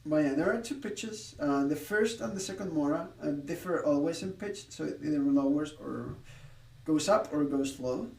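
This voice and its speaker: A man talks through his study session live, thinking aloud and often stopping to correct himself. His voice sits a little high for a man. He is heard from a distance, in a roomy, echoing space. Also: moderate pace, creaky, darkish tone. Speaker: streamer learning a language.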